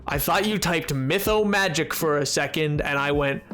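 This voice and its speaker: A young man with a slightly high voice hosts a relaxed game stream, rambling and joking with chat. He brags playfully, laughs often and stumbles over restarts, with a little music faintly behind him. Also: normal speed. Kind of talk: casual chat while playing a game.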